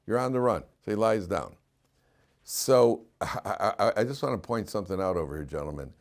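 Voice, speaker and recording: A middle-aged rabbi giving a lively storytelling class, his voice sitting a bit low. He laughs through his anecdotes and keeps turning questions back to the room of listeners. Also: brisk, creaky.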